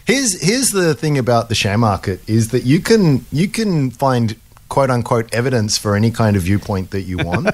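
Australian man, podcast co-host, relaxed explainer, mid pitch, casual chat. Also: normal speed. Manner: relaxed, explanatory, with many restarts. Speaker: podcast co-host, investing analyst.

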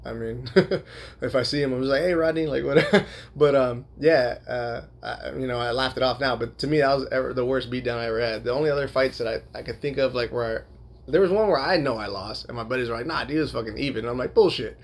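A young man tells a rambling story at a fast clip, piling up fillers and swearing freely. His voice has a gravelly, creaky edge at a middle pitch. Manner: laughs while telling. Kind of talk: casual storytelling.

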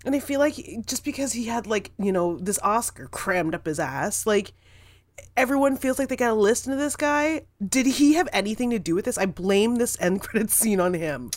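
Lively heated woman, swearing freely. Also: fairly high pitch, normal speed, no room sound. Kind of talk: casual chat.

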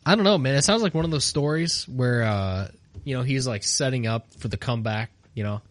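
A man's voice: mid-range voice, fairly quick, no echo. A man chatting on a casual podcast, riffing playfully on the jokes. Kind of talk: casual chat.

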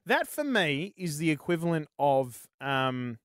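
Australian male podcast host, slightly high voice, loose sweary banter, dry close sound. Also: unhurried, clear, resonant tone, dry recording. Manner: swears freely, rambling, animated. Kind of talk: casual gaming chat.

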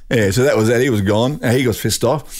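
An older man with an Australian accent, a guest telling a rambling, animated anecdote full of restarts. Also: medium pitch, fairly quick. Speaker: guest, retired drag racing champion. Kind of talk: storytelling anecdote.

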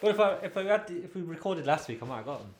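A man co-hosting a casual comedy podcast with dry, low-key deadpan remarks. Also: very fast, slight background noise. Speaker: podcast co-host. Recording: roomy echo.

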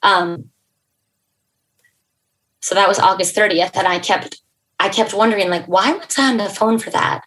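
A young adult woman speaks as a podcast guest, telling a personal story in an earnest, halting way. She restarts her sentences and fills pauses with "um" as she goes. Her pitch sits in a middle range. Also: steady tone, a bit bright, slight background noise, rough recording.

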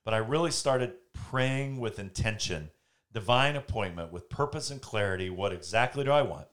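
A man's voice: on the low side, normal speed. A man hosting a casual faith talk from home, telling stories and acting out the quotes he tells. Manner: animated storyteller, acts out quotes. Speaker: podcast host.

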